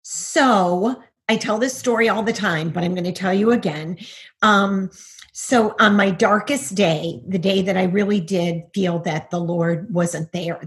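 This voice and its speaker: Over a video call, a middle-aged woman appears as a guest to give a personal testimony. She's earnest, her delivery packed with rhetorical questions, and her voice is lowish.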